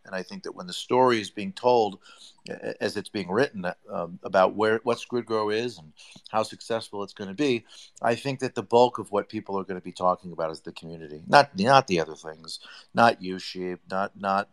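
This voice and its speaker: Low-voiced man gushing praise. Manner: effusive, rambling praise. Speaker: community member on an audio chat. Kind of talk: casual chat.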